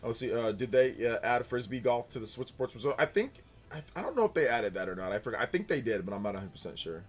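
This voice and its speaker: A young man hosts a casual livestream and talks in a loose, rambling way. He reads viewer comments aloud and answers them with animated chatter full of filler words. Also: mid-range voice, quick pace, faint music behind. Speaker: streamer host.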